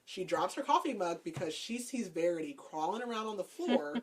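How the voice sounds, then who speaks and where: A woman's voice: fairly low pitch, expressive, a little fast, slight background noise. A woman podcast host casually recapping a book's plot, chatty and laughing, with lots of "like". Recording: voice a bit far from the mic.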